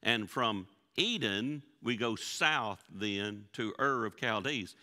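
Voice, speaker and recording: The pastor's voice is lowish, expressive and slow, with a bright, forceful tone. He's giving an interactive Bible lesson to his congregation in the church sanctuary, folksy and full of questions, and long hall reverb surrounds the recording.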